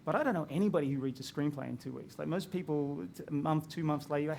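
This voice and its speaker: A man's voice: on the high side, steady tone, fast, gravelly. A man, a filmmaker telling stories about his film in a casual chat at a screening. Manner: chatty storytelling with laughs.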